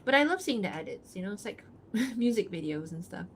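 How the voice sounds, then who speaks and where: A woman's voice: mid-range voice, big pitch swings, brisk, slight background noise. Chatty, giggly woman streamer. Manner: chatty, giggles often, thinks aloud with fillers. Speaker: livestreaming artist. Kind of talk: casual chat reading and answering chat.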